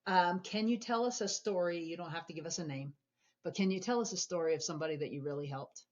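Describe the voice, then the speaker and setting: A woman's voice: on the low side, fast. Lo-fi woman host asking questions. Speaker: podcast host. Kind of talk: podcast interview questions.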